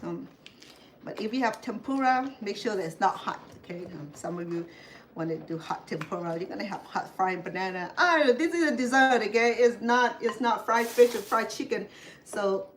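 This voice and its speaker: A woman's voice: medium pitch, animated, moderate pace, slight background noise. A woman from Cambodia hosting a casual home cooking demonstration, talking in rambling asides with many fillers and restarts. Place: home kitchen. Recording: clear kitchen clatter behind the voice. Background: clatter of dishes, pots and pans.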